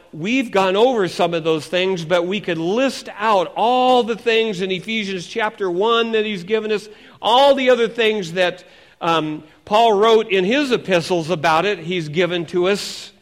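Male pastor with a high voice, animated sermon, faint music underneath. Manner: animated, asks the congregation questions.

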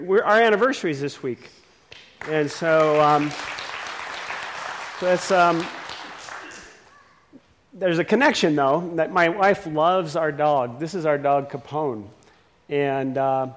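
A man talking casually to a live audience, halting with many fillers and restarts. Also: on the high side, big-room sound. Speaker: speaker addressing an audience.

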